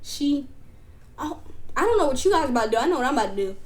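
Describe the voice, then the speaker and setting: High-voiced young woman telling a story. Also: fast. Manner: animated, loose and slangy, addresses chat directly. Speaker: streamer telling a school story. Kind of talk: casual storytime chat with viewers.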